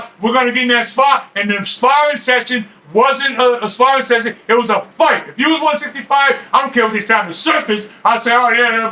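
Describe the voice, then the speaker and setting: Fiery high-voiced man ranting about boxing. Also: poor audio. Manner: fiery, shouting, stammering restarts; streetwise slang. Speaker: boxing expert. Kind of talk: ranting boxing talk to camera.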